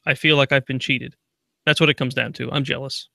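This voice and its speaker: A man's voice: medium pitch, fairly even intonation, fairly quick, vocal fry, sharp tone, no echo, studio quality. A man co-hosting a casual tech podcast, telling rambling stories and laughing often. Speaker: podcast co-host. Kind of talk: casual chat.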